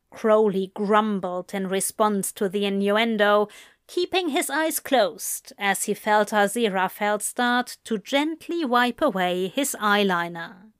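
A woman narrating a fan fiction story in a calm, unhurried way. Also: mid-range voice, clear, resonant tone, dry recording, clean studio sound.

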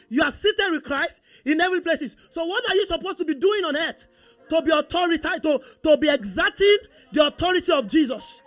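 High-pitched, animated preacher. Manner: animated, repetitive call-and-response preaching. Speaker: pastor. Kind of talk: sermon.

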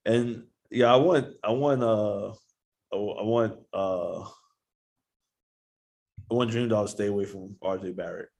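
A man's voice: on the low side, unhurried, pauses often, darkish tone. A man in laid-back, profane casual chat, laughing often and drawing words out.

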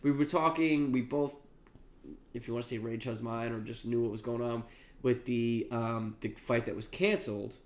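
A man's voice: medium pitch, steady tone, normal speed, darkish tone. A congested man co-hosting a podcast, rambling casually with many restarts and some swearing. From Long Island, US. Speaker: podcast co-host. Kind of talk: casual chat about fights. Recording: echoey room.

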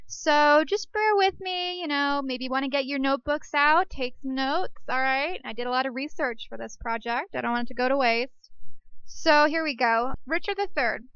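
Bright, high, and forceful, this woman's voice carries her archaeology podcast, where she delivers facts casually, cracking jokes and poking fun at herself along the way. The sound is lo-fi, with no echo.

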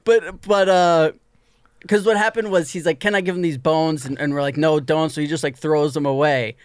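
A man's voice: a little high, steady tone, moderate pace, smooth, no echo, clean studio sound. Laughing male podcast co-host. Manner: laughing, storytelling with false starts. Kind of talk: casual chat.

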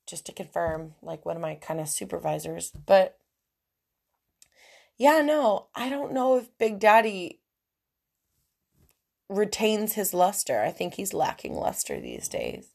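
A young woman with a gravelly, creaky voice hosts her own podcast alone, speaking frankly and emotionally. She swears freely and swings between heated rants and hushed, sheepish asides. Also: mid-range voice, very animated, measured pace, pauses often. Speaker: podcast host. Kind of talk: candid solo podcast monologue.

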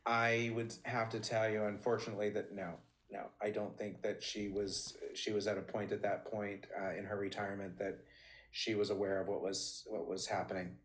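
Chatty man telling lively stories. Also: normal speed. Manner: animated storyteller, many restarts, jumps high when quoting. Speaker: interview guest, former assistant. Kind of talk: casual interview talk.

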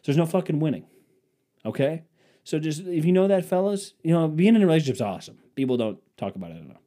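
A man's voice: fairly high pitch, animated, quick pace, mellow. A man hosting his own podcast, delivering a profane, sarcastic, rambling comedic rant. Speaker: podcast host. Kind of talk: casual comedic monologue.

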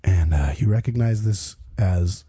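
Husky young man running a tabletop game. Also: low voice, measured pace, warm tone. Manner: loose, rambling, with many fillers. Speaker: game master.

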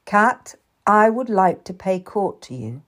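A woman reading the lines of a calm, tender young Tudor man who is courting, in an audiobook. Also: medium pitch, slow. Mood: earnest. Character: young Tudor man, earnest gentle suitor.

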